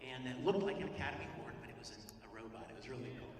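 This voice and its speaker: A man's voice: medium pitch, very fast. Emotional man telling a story in an echoey hall. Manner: animated, emotional, laughs often. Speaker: voice actor on a convention panel. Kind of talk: storytelling to a live audience. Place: large convention hall. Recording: echoey hall, distant mic, noisy.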